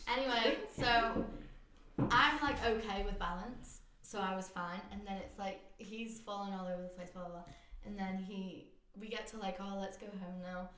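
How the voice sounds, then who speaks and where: A woman's voice: medium pitch, fairly even intonation, moderate pace, sharp tone, slight background noise. Woman teasing her partner while telling a story, kinda echoey room. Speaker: guest. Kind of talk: casual chat.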